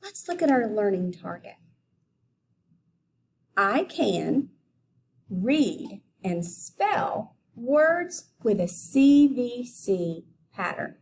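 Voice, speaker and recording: A woman teaching a phonics lesson to young children, deliberately sounding out letters and syllables. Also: fairly high pitch, very animated, vocal fry, darkish tone, slight background noise. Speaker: elementary school teacher.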